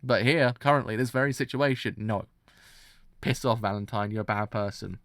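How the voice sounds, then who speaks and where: A man ranting in an animated, exasperated way about a story's villain on a live reaction stream, often restarting his sentences. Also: on the low side, moderate pace, no room sound, studio quality.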